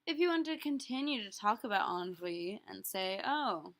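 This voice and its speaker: A woman teaching a recorded French lesson, explaining phrases in a casual, friendly way and slowly repeating each one word by word for pronunciation. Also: mid-range voice, lively intonation, fairly bright tone.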